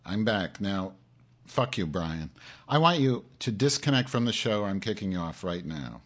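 A man's voice: on the low side, very animated, normal speed. A man hosting his own live-stream show, in an angry, profane rant aimed straight at his audience.

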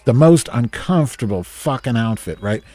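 A man's voice: medium pitch, expressive, normal speed, warm tone, faint music behind. Grumpy, profane man ranting. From New Jersey. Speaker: host. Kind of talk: casual ranting monologue.

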